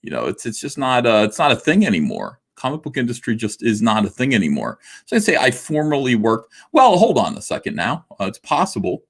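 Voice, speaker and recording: A man's voice: medium pitch, huge pitch swings, brisk, hardly any pauses, breathy edge. A man in his forties hosting a casual livestream, rambling and self-mocking, with many filler words and restarts as he reads viewer comments. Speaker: livestream host.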